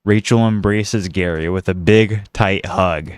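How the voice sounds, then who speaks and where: A man narrating a script in a steady, matter-of-fact voice. His tone is low and smooth, and the sound is dry and close. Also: unhurried, dry recording. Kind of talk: reading a comedic script aloud.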